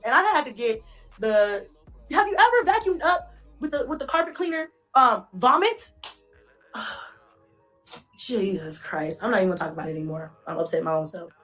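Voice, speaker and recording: Animated high-voiced woman telling mom stories. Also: fairly quick, pauses often, soft background music. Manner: animated, swearing, laughing while telling stories. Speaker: mother vlogger. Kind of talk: casual storytelling vlog.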